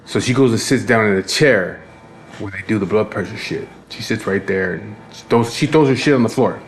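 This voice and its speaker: A man's voice: fairly low pitch, fairly quick, a little hiss or hum. A man casually telling a rambling, profane story about his day, tired and fed up. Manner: profane, rambling, frequent restarts. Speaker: vlogger.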